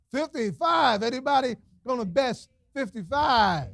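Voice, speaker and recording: A man running a lively fundraiser auction, teasing the crowd with slang and frequent laughter. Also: very high voice, normal speed, vocal fry, dry recording. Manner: playful, teasing, street slang, laughs often. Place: event hall with audience.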